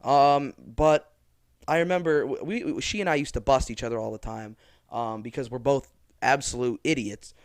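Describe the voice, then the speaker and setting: A young man co-hosts a podcast in a dry, clean studio recording, speaking at a moderate pace in a mid-range voice. Chatting casually, he's an animated storyteller who acts out quoted lines loudly and with gusto.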